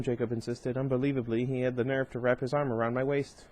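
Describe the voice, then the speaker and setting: A man reads a novel aloud with casual, wry asides, stumbling over words now and then. His voice sits mid-range in pitch for a man. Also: little pitch movement, quick pace, a little mellow. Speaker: reader.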